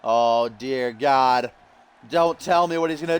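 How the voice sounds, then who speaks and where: A man doing jokey play-by-play commentary over a wrestling video game, bursting into yells at big moves. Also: a little high, moderate pace, clear, resonant tone. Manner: jokey, yells in sudden excitement.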